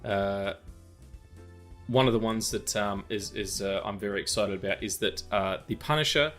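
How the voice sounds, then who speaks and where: Soft music plays in the background as a podcast co-host rambles casually about film news, full of fillers, restarts and tangents. His voice is lowish and a bit bright, at a moderate pace.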